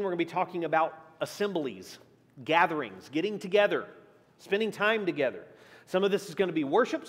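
A fairly high-voiced man leads a midweek church class, chatting and firing questions at the room. His voice carries a long reverb from the hall around him. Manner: asks the class questions, lively, shifting emphasis. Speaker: pastor teaching a church class. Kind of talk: conversational Bible teaching.

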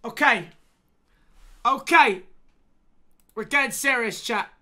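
A young woman, commentating a gaming livestream, excitable and pleading as she talks to her chat. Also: on the high side, takes it slowly. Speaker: streamer.

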